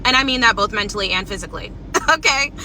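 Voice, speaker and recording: A woman's voice: mid-range voice, rapid-fire, bright, forceful tone, a little hiss or hum. A woman making social media content, mocking and insulting another creator.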